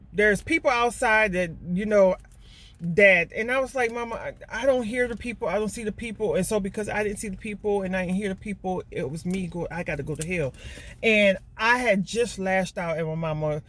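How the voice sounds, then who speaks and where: A middle-aged woman, telling a story to her vlog viewers in a casual, emotional way, often repeating herself and stumbling over words. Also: medium pitch. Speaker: vlogger mom.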